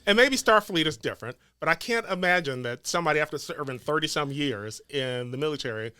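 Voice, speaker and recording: A man's voice: on the high side, expressive, fairly quick, crowd noise. A middle-aged man co-hosting a podcast in casual chat, rambling with frequent restarts. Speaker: podcast co-host.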